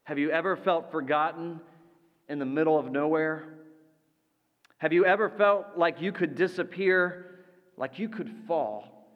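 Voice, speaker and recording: A man preaching a sermon as pastor, slow and deliberate, letting his voice drop soft for quoted lines. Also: on the high side, highs cut off. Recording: long reverb of a large hall.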